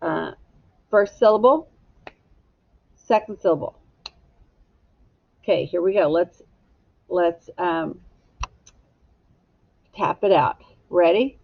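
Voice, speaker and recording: A woman teacher giving a slow, patient phonics lesson to young children and prompting them to echo words. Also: fairly low pitch, gravelly, lo-fi sound.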